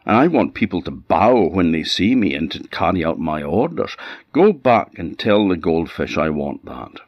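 A man's voice: deep voice, big pitch swings, normal speed, no echo. A man with an Orkney accent voicing a furious, greedy old peasant wife who shrilly scolds her husband. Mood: scornful. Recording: dull lo-fi sound.

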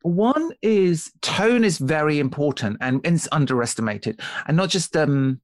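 A man talks through his ideas as a podcast guest, pausing and restarting as he thinks and often checking in with "right?". His voice sits a touch higher than most men's, and the recording is dry and close, with almost no room sound. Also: animated, dry recording. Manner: thoughtful, explains with many restarts and "right?" checks. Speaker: author and guest. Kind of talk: conversational podcast interview.

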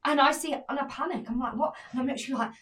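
A woman's voice: high-pitched, racing, distant mic. A young woman co-hosting a podcast, telling a story in casual chat and acting out what people said. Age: young adult. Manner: animated storyteller acting out quotes. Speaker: podcast co-host.

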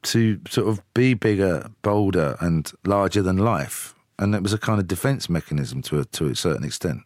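A man, telling lively anecdotes with chuckles as a studio guest. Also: low-pitched, normal speed, no room sound. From England. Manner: lively, chuckling storyteller with frequent "you know". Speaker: musician, guest. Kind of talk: casual chat, anecdotal storytelling.

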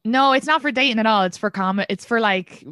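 A woman's voice: on the high side, fairly quick, a bit bright, dry recording, clean studio sound. A young Irish woman hosting a podcast, chatting frankly and casually and swearing freely. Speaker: podcast host. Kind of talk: casual chat.

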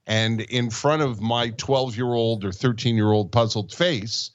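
A man's voice: mid-range voice, fairly even intonation, a little slow, highs cut off. A man in his sixties from Montreal, co-hosting a podcast, telling rambling childhood stories and laughing along the way. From Montreal, Canada. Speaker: podcast co-host. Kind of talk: casual storytelling chat.

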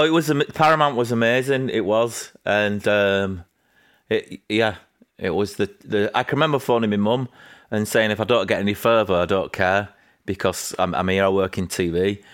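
A man with a Yorkshire accent, a guest in a casual interview, telling animated anecdotes and acting out what people said. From England. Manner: animated anecdotes, acting out quotes with raised pitch.

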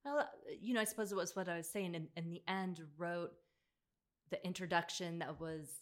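A woman's voice: on the low side, fairly quick. A woman talking through a book in a casual conversation, thoughtful, with frequent fillers and restarts. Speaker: bookshop podcast host.

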